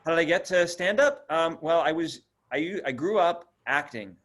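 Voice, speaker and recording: A man's voice: a little high, expressive, normal speed, fairly bright tone. Young man, slight Boston accent, comedian guest, casual chat, self-deprecating, easygoing.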